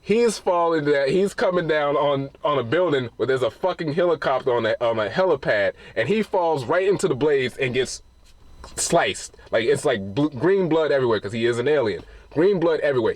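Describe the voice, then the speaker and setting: A movie reviewer with a slightly high voice gives a casual, loosely worded spoiler recap full of cursing and restarts, recorded dry.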